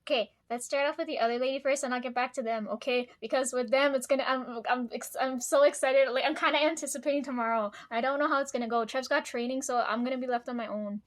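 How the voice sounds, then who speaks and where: High-voiced woman rambling to camera. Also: steady tone, fast, hardly any pauses. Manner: rambling, swears freely, laughs often. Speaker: vlogger. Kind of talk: casual chat to camera.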